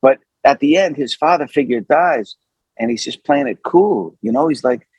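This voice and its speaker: A man, an actor, telling an anecdote in an animated, conversational way with lots of fillers. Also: on the high side, moderate pace, gravelly, husky, no room sound, lo-fi sound. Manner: animated, with many fillers and acted quotes.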